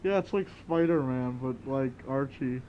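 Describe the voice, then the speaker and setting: A man's voice: mid-range voice, normal speed, muffled recording, a little hiss or hum. A man co-hosting a casual livestream, making dry jokes. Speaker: livestream co-host.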